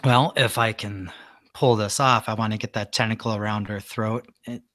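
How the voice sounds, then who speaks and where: Brief: male tabletop player, low voice, casual and eager, dry close mic. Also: steady tone, moderate pace, a bit bright, dry recording.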